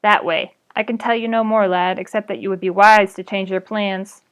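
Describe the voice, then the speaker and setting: A woman reading aloud, voicing a burly male ditch digger who talks in a plain, measured way. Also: mid-range voice, steady tone, clean tone, natural voice. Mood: warning. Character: burly middle-aged male ditch digger, gruff and steady.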